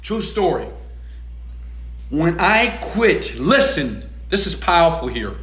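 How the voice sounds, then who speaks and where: A man giving a motivational rant, loud and profane, swinging between shouting and soft talk. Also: a little high, sing-song, slow, echoey room, slight background noise. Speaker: motivational speaker.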